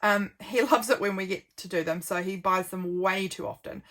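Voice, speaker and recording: A young journal vlogger with a New Zealand accent chats casually through her journal pages, rambling with lots of ums and laughing easily. She seems a little yawny. Her mid-range voice moves at a moderate pace, fairly bright, with fairly even intonation.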